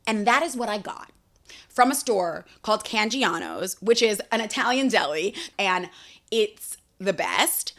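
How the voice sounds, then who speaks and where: A young woman hosts a casual solo podcast while eating, chatting enthusiastically about food and talking to her cat between bites. Her voice is medium-pitched with a fairly bright tone.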